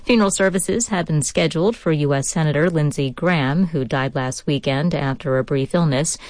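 A woman reading a radio news bulletin in a brisk, formal way. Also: deep voice, a little mellow, no echo. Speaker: newscaster.

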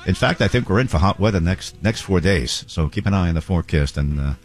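A man's voice: low-pitched, lively intonation, fast talker, slightly rough. A man hosting morning radio, reading ads in a brash, joking, ad-libbing way. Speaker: radio show host. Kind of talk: morning radio talk and live-read ads. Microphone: close studio microphone.

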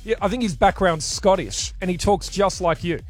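Aussie breakfast host, high voice, chatty banter, faint music under. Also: male voice, moderate pace. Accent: Australian. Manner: chatty, laughing, eggs on guests. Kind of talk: casual studio banter.

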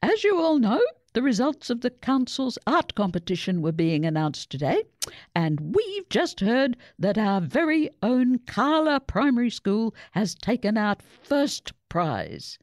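A woman voicing a cheerful male school headmaster making an announcement, in a booming, cheery voice. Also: sing-song, a little slow, a little mellow, dry recording, studio quality.

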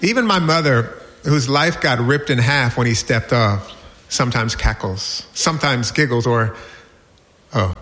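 Pria 40-an membacakan esai pribadi. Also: male voice, mid-range voice, unhurried, fairly bright tone. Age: 40s. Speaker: narrator. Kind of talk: reading a personal essay aloud.

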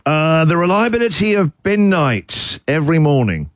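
A middle-aged man hosting a breakfast radio show in casual chat, jokey and enthusiastic and quick to laugh. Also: on the high side, very animated, dry recording, studio quality. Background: music bed.

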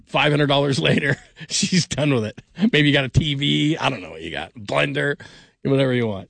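A man's voice: medium pitch, brisk, creaky, fairly bright tone, no echo. A middle-aged man hosting a late-night sports call-in radio show, rambling casually with frequent laughs and restarts.

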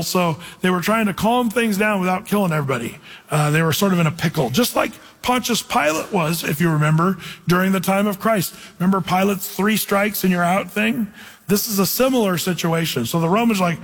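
A man, a pastor, teaching through a Bible passage in a lively, conversational way and reading verses aloud. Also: high voice, a little fast. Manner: animated, conversational, reads scripture aloud. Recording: reverberant hall.

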